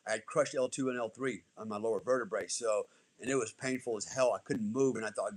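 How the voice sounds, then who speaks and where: A man's voice: fairly low pitch, brisk, rough recording. A man, a former soldier, telling a story as a podcast guest in a blunt, profane, casual way.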